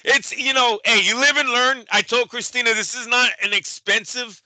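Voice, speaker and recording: A man co-hosting a show, telling a story in casual chat, animated and profane, acting out the people he quotes. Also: very high-pitched, normal speed, no echo, poor audio. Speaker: boxing show co-host.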